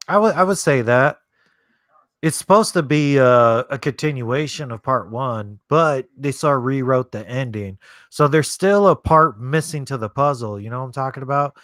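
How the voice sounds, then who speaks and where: A man's voice: mid-range voice, fairly bright tone, dry recording, clean studio sound. A man hosting a live movie watch-along stream, chatting loosely and swearing freely while he answers his chat. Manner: rambling, profane, reads chat aloud.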